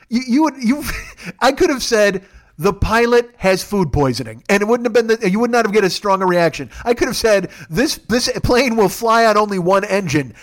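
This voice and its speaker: A man with a high-pitched voice rants about sports on his podcast. He swears constantly and tells his stories with excitable comic energy. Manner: profane, excitable storytelling. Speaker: podcast host. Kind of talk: comedic sports rant.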